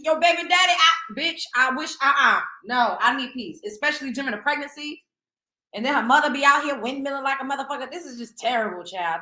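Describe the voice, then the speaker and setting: A woman's voice: on the high side, sharp tone, reverberant. A woman hosting a celebrity gossip show in casual chat, blunt and profane, often tripping over repeated words.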